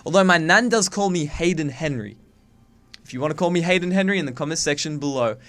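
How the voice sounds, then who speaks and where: Young guy, faint Aussie accent, slightly high voice, cheeky, swears a lot, webcam vlog. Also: lively intonation, fast, a bit bright. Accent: faint, watered-down Australian. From Australia. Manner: chatty, swears freely, self-mocking. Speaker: YouTuber. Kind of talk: casual chat to camera.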